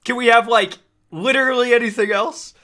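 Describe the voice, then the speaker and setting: A young man streaming live, reacting in an excitable, profane way with frequent laughs. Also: very high voice, a little fast.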